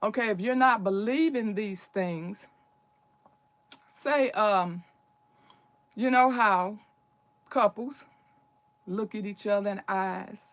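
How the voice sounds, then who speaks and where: A woman's voice: mid-range voice, slow, pauses often, dry recording. An older woman hosting a casual livestream, talking in an urgent, preachy, emphatic way. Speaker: livestream host.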